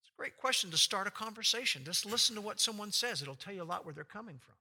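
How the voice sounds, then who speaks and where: Bright-voiced male preacher asking rhetorical questions. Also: sits high, lively intonation, fast talker. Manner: expository, with rhetorical questions to the audience; acts out quoted speech with big shifts in loudness. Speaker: pastor. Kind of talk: sermon.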